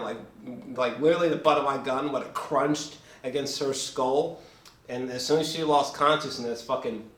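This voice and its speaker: A man's voice: mid-range voice, fairly bright tone, echoey room. A man giving a casual, profane movie reaction review, laughing often as he rants.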